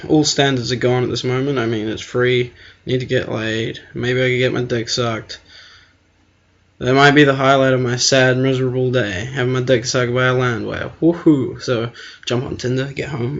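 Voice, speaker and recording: Gravelly, foul-mouthed young man ranting. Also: medium pitch, fairly bright tone. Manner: profane, self-deprecating, ranting. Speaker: podcast co-host. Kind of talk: crude comedic rant. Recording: dull lo-fi recording.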